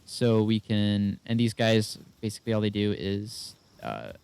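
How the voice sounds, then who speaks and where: A man's voice: fairly low pitch, very animated, measured pace, vocal fry, darkish tone, smooth. A man giving casual let's-play commentary, swearing and venting as he talks himself through the game. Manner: frustrated, swears often, talks to himself while playing. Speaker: gaming YouTuber.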